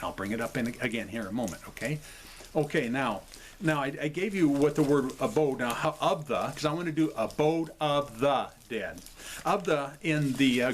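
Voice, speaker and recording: Lively-voiced man rambling through an explanation. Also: a little high, a little hiss or hum. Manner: rambling, apologetic, often checks in with "okay?". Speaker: video host. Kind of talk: casual explanatory talk to camera. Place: his home.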